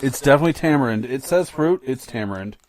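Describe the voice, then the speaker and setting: This father and podcast co-host has an expressive, fast, slightly mellow medium-pitched voice, with slight background noise. The middle-aged man samples snacks with his son in a casual chat, joking and delivering package text in a mock announcer voice.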